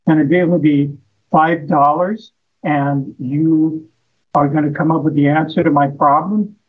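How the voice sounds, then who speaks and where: A man's voice: fairly high pitch, steady tone, moderate pace, narrow, tinny audio, natural voice. A man voicing a doubtful woman patient in a retold comedy sketch.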